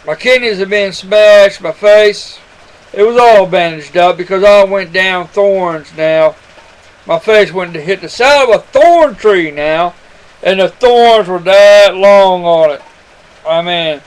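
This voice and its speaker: A man's voice: high-pitched, clear, resonant tone, rough recording. A man telling a personal testimony to his webcam, rambling and earnest, calling the listener son. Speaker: webcam storyteller.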